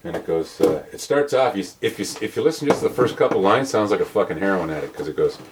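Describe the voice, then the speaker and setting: A man's voice: deep voice, animated, fast talker. A man in casual chat over a board game, blunt and casually swearing as he talks strategy. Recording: noisy recording.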